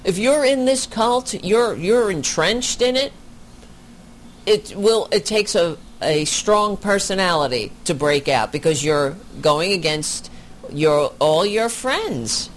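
A commentator reacting to a speech video, indignant and deliberate, with the occasional swear. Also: mid-range voice, a little hiss or hum.

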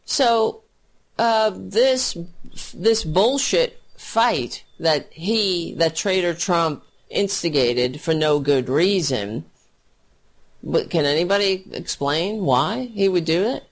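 A man's voice: sits high, lively intonation, takes it slowly. A man ranting at length about politics, angry, mocking and profane, as a solo commentator.

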